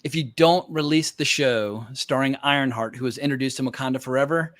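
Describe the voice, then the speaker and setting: A man's voice: mid-range voice, fairly quick, fairly bright tone, no room sound. A man hosting a casual podcast chat, opinionated and rambling, with plenty of fillers. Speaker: podcast host.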